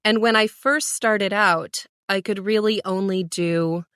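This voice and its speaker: A woman's voice: medium pitch, steady tone, measured pace, fairly bright tone, clear, resonant tone, no echo, studio quality. A woman who narrates audiobooks, explaining her work in a practical, matter-of-fact way during a casual podcast chat.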